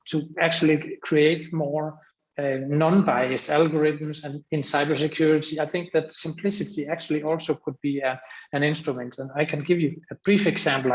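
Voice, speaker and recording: A man's voice: on the high side, roomy sound, highs cut off. A man from Denmark giving a long, rambling panel answer with frequent restarts. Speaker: panel speaker.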